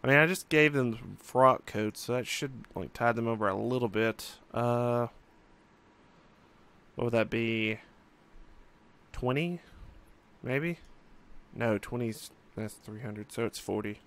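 A young man talks through a strategy game at an unhurried pace, wondering aloud and trailing off with "um" and "uh" as he weighs each choice. His voice is smooth and clear, and his pitch sits in an ordinary middle range. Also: fairly bright tone. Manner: musing, thinking aloud with frequent fillers. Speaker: let's play host. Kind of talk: casual gameplay commentary.

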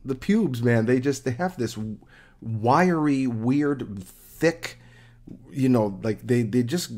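A man's voice: mid-range voice, expressive, slow, darkish tone. A man, talking in a laid-back, rambling way with lots of fillers as he hosts a reaction video. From the Bronx, New York. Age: 50s. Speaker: reaction channel host. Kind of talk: casual rambling commentary.

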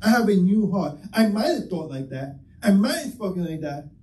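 In an echoey church sanctuary, a high-voiced pastor preaches a sermon from a distance off the mic, with faint ambience around him. His darkish, sing-song delivery moves at a moderate pace, impassioned and conversational, shifting into acted-out dialogue.

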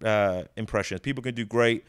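A man, a comedian giving a casual interview, animated and jokey, swearing freely and slipping into quick character voices. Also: fairly low pitch, smooth, no room sound, studio quality. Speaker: comedian and actor, guest.

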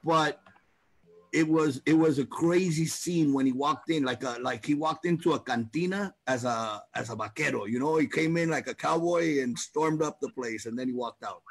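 Husky man telling a lively story. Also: fairly high pitch, moderate pace. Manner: animated, acts out voices in his story. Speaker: boxing promoter telling a story. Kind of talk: casual storytelling on a talk show.

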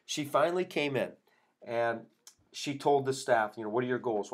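A man's voice: mid-range voice, normal speed. A man hosting a podcast for chiropractors, telling a patient story and acting out both sides of the conversation. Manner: storytelling, quoting patients and himself in dialogue. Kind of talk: casual podcast talk with acted patient quotes.

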